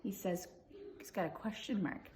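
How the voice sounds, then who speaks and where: A woman's voice: mid-range voice, normal speed, darkish tone, a little hiss or hum. A woman teacher reading a storybook to her class, with cheerful, chatty asides to the viewers. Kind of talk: storybook read-aloud.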